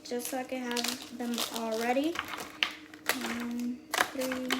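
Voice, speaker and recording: A woman's voice: on the high side, little pitch movement, slow. A woman hosting a casual meal prep livestream from a home kitchen, chatting to her viewers and counting items aloud. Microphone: earpiece mic. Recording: echoey room with loud background noise.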